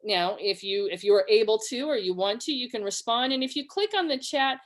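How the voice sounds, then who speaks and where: A woman's voice: on the high side, expressive, a little fast. Woman presenter, middle-aged, chatty webinar delivery on a video call. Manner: chatty, with fillers and acted-out quotes. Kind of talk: casual teaching talk.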